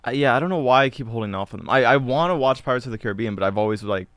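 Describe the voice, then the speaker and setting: A man co-hosting a podcast, speaking in halting, hesitant phrases. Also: medium pitch, fairly bright tone, dry recording. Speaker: podcast co-host. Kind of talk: casual podcast chat.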